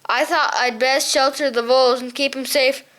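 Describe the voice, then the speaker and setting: A woman's voice: high-pitched, fairly even intonation, moderate pace, fairly bright tone. A woman doing a jolly posh old hare. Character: cheerful eccentric male hare, upper-class.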